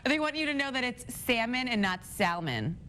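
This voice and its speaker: A woman's voice: on the high side, sing-song, moderate pace, noisy background. A woman co-hosting a morning show, laughing and teasing as she pushes back in live banter.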